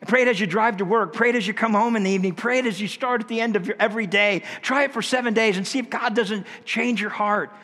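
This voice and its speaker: A man's voice: high voice, fast talker, hardly any pauses, sharp tone. Preaching man in a reverberant hall. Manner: earnest, conversational, rises and falls for emphasis. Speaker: pastor. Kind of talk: sermon. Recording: long reverb of a large hall.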